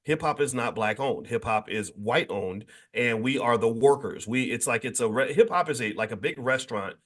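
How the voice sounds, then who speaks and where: A man's voice: mid-range voice, lively intonation, moderate pace, fairly bright tone. Emphatic preachy man hosting a show. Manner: asks listeners to agree. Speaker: host of a daily finance show. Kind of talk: unscripted monologue to an online audience.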